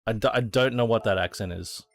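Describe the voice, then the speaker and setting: A man's voice: fairly low pitch, a little fast, no echo. An Australian man streaming a racing sim, chatting casually to viewers, thinking aloud and swearing freely. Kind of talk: casual gameplay chat.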